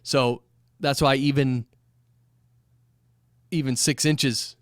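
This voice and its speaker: A man's voice: mid-range voice, normal speed, a bit bright, clear, resonant tone, no echo. A man who runs a recording studio explains microphone technique in a loose, rambling talk to camera, with fillers, restarts and moments of moving toward and away from the mic. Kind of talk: casual instructional talk to camera. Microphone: studio microphone at a few inches, sometimes pulled far off.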